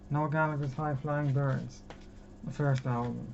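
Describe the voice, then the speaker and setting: A man's voice: mid-range voice, fairly even intonation, slow pace. A young man from Britain chatting casually and rambling through his record collection, poking fun at himself. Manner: chatty, self-mocking, rambling. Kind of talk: casual chat. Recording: dull lo-fi with clear background noise.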